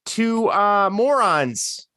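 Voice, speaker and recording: A man's voice: high voice, very animated, very slow, bright, forceful tone, dry recording. A man co-hosting a podcast, ranting sarcastically in casual chat. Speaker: podcast co-host.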